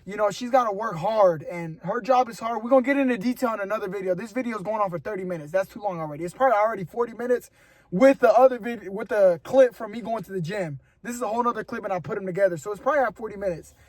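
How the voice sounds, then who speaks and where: A young man talks straight to his camera in a loose, rambling vlog, earnest and encouraging, with "bro" dropped in everywhere. His voice sits high for a man. The recording is dry, with no room sound. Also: very fast, no room sound. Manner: earnest and rambling, motivational, says "bro" often. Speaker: vlogger. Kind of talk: casual talk to camera. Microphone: camera mic.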